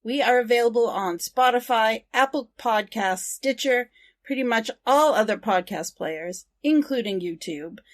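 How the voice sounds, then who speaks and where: A woman's voice: fairly high pitch, animated, a little slow. A woman co-hosting a podcast, chatting earnestly and then reading out the show's contact details as the sign-off. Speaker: podcast co-host. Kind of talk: casual podcast chat.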